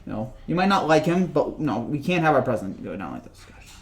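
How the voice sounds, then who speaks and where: A man's voice: medium pitch, very animated, a little fast. A man vlogging about sports in a casual rant, rambling and joking and often repeating himself.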